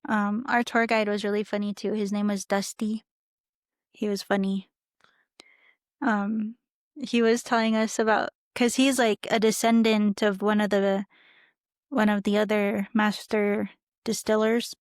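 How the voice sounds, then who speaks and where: A woman's voice: medium pitch, flat delivery, a little slow, dry recording, studio quality. A young woman chatting casually as a podcast guest, telling a travel story in a rambling way with lots of fillers. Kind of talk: casual chat.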